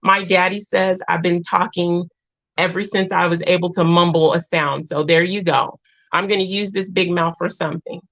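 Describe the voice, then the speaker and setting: A woman's voice: lowish voice, steady tone, moderate pace, a bit bright. A woman hosting a livestream, talking to viewers in a rambling, heartfelt way with lots of restarts. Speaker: live stream host. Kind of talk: emotional livestream chat with viewers. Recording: dull lo-fi stream audio.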